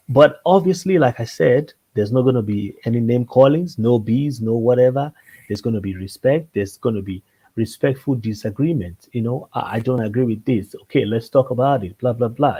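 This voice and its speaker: A man talking as a panelist in a casual discussion, animated, repeating phrases and checking in with his listeners. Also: medium pitch, husky, low-quality recording. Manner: animated, repeats phrases and asks "see what I'm saying?".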